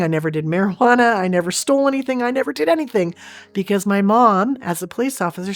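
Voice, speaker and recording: Woman, lowish voice, earnest storyteller, dry close mic, faint music underneath. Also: no room sound. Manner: earnest, vivid retelling. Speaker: interview guest. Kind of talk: personal storytelling in an interview.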